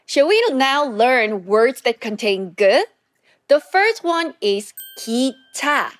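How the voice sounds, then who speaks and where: A woman teaching a Korean language lesson, speaking clearly and slowly with repeated pronunciation drills. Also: sits high, expressive.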